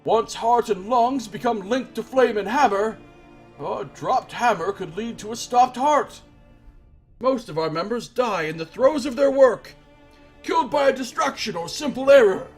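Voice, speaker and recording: A proud, fervent woman blacksmith from a fantasy game, as a man reads her lines aloud. Her voice sits high and swings widely, husky at the edges. She declaims with earnest emphasis over quiet game music. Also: expressive, a little slow, full character voice. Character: proud female master blacksmith, zealous.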